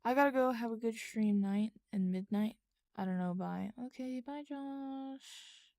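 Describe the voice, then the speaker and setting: Gravelly slow-talking woman streamer. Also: a little high, warm tone, no echo, clean studio sound. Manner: rambling, thinks aloud while typing, answers chat. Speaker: streamer and writer. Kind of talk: casual live-stream chat while writing. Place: at home late at night.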